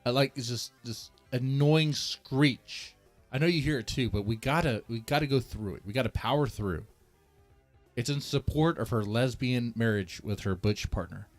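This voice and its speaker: A man's voice: mid-range voice, moderate pace, faint music behind. A man hosting a casual commentary stream, rambling and mocking, with many restarts.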